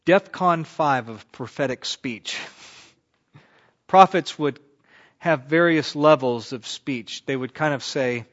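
A man teaching a Bible lesson like a sermon, talking in a conversational way and swelling loudly on key words. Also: on the high side, slow. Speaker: pastor teaching a Bible class. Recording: dull lo-fi recording.

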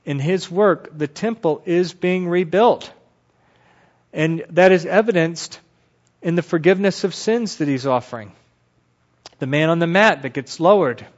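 Man, bible teaching lecture, animated storyteller, rhetorical questions, slightly high voice, dull lo-fi recording. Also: a little slow.

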